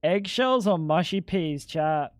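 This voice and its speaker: A man's voice: fairly high pitch, animated, slow pace, no echo, studio quality. A young adult man streaming a game live, joking and chatting playfully with his viewers. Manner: joking, playful, talks to chat. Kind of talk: casual live-stream chat while gaming.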